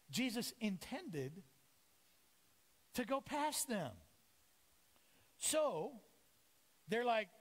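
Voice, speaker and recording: A male pastor preaching a lively sermon to his congregation, acting out the voices of the disciples and Jesus. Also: on the high side. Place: church sanctuary. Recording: echoey church hall.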